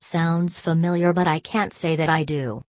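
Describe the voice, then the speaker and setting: A fussy, hearty middle-aged father, as a woman narrator puts him on, fond of his food and easily flustered. The voice sits low and close to the mic, dry and plain. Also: steady tone, normal speed, a little mellow, dry recording, lightly acted. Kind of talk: audiobook reading.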